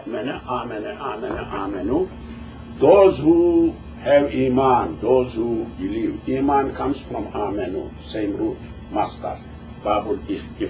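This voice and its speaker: Male teacher, measured lecture pace, tinny lo-fi recording with faint music behind. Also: medium pitch. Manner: methodical, repeats terms and conjugations. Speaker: Quran and Arabic grammar teacher. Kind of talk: classroom lecture.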